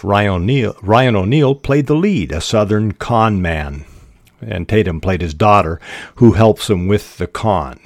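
A man teaching fiction writing in a slow, unhurried way. His voice is low, and he stops often on "uh" while he looks for the word. The sound is close and dry, with no room in it. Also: creaky, no echo. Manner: measured and deliberate, with frequent "uh" pauses. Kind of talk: instructional podcast talk.

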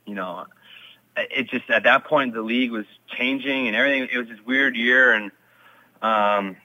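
A man's voice: mid-range voice, moderate pace, pushed and bright, rough recording. A former pro hockey player in his thirties, telling his story in an interview with many fillers and restarts.

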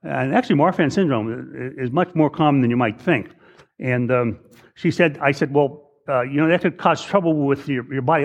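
A man's voice: medium pitch, brisk, muffled recording. A middle-aged man, an emergency doctor, giving a casual case-based lecture, with frequent restarts, who acts out his patients' lines in a raised voice. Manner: conversational, repeats words, acts out patients in raised voice.

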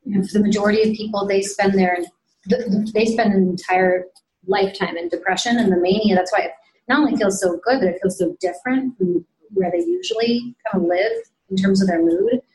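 A woman's voice: mid-range voice, fairly quick, a little mellow, low-quality recording. A woman co-presenting a training talk, thoughtful, often restarting her sentences. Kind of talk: training lecture.

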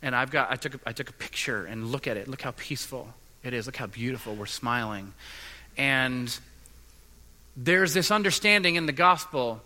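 A man's voice: mid-range voice, normal speed, bright, forceful tone. A man preaching a sermon as pastor, with an earnest delivery that builds in intensity. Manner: earnest and building, with mimicked voices.

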